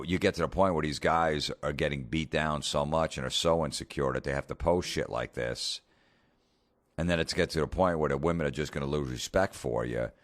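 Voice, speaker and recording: A comedian hosting a podcast, telling a blunt, profane story in a casual rant. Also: male voice, a bass voice, fairly bright tone.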